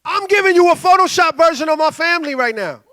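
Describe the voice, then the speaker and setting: High-voiced, bright man preaching animatedly. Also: quick pace. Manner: animated, acts out quoted voices, loud bursts. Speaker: pastor. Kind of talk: sermon.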